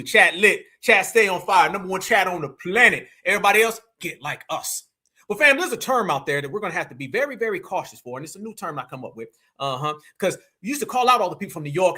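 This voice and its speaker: A man hosting a casual livestream, talking in an animated, slangy and mocking way. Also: fairly high pitch, slightly rough. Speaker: livestream host.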